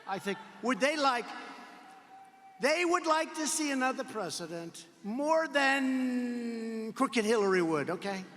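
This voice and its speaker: A man's voice: very high-pitched, animated, takes it slowly, fairly bright tone, slight background noise. A man giving a political rally speech in an emphatic, repetitive way, with sarcastic asides. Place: large rally arena. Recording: long reverb from a large arena.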